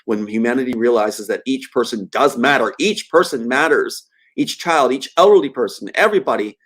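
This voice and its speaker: A man's voice: medium pitch, brisk, a bit bright. A man speaking as a guest on a live web show over a video call, earnest and heartfelt, choked up with emotion.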